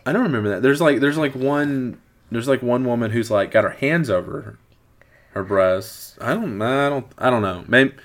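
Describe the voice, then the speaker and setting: A man's voice: mid-range voice, moderate pace. A middle-aged man chatting casually about a movie he loves. He rambles, repeating words as he works out his thoughts. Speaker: podcast host. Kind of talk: casual movie review chat.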